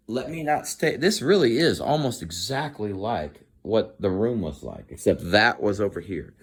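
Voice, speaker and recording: A man with a fairly low voice tells a comic personal story. He swears freely and acts scenes out in an animated way, with a loose, casual delivery. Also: normal speed, husky.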